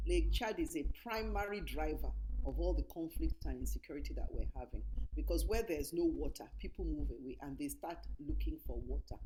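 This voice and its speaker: A woman's voice: sits low, mellow, poor audio. A middle-aged woman from Nigeria gives an emphatic conference talk over slides, repeating her key points. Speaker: conference speaker.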